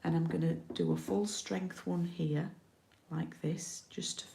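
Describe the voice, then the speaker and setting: A woman's voice: fairly low pitch, fairly even intonation, a little slow, gravelly, mellow, reverberant. A middle-aged woman from the UK giving a casual card-making tutorial, chatty and often checking in with her viewers.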